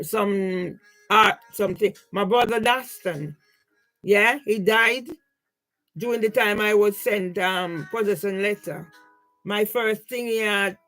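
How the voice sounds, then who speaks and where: A woman's voice: mid-range voice, a bit bright, rough recording. An older woman talking casually through her personal photos in a rambling, grieving way, often checking in with the listener. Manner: rambling, repeatedly asks "yeah?"; grieving, aggrieved. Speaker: vlogger.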